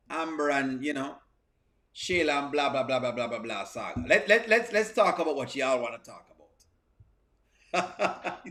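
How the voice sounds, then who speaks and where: Male reaction host, high and bright, chatty and repetitive with stammering restarts. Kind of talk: live reaction commentary, reading viewer comments.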